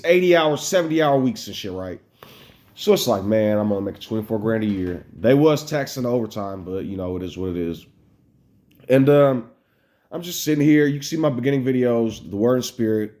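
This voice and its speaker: A man's voice: medium pitch, darkish tone. An American man venting in a personal vlog, upset, rambling and swearing as he talks. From United States. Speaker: vlogger. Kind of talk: emotional personal vlog rant.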